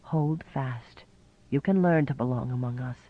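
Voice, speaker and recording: A man voicing a gentle young island woman who speaks low and softly. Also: unhurried, no echo, phone-quality sound, close to an everyday voice. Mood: tender.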